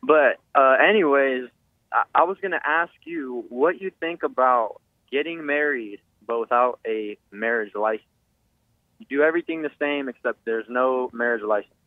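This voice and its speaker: A man's voice: medium pitch, normal speed, dry recording. A man from Texas calling into a talk show, friendly and chatty with some hesitations. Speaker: caller. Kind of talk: casual call-in chat. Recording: tinny phone line.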